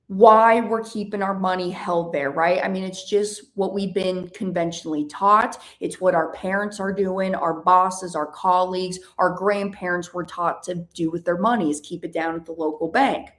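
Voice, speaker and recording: Emphatic American woman podcast host. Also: lowish voice. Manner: emphatic, animated, drawn-out stressed words, rhetorical questions. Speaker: podcast host, financial educator. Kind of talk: educational podcast monologue.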